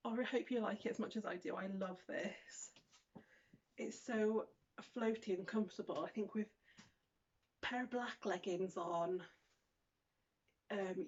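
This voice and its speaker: A British woman chats through a clothing try-on haul, exclaiming and making fun of herself as she goes. Her voice is a little husky and she speaks at an unhurried pace. The recording sounds slightly dull, as if picked up by the camera's own mic. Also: mid-range voice, a little mellow. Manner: chatty, exclaiming, self-deprecating. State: out of breath. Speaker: vlogger.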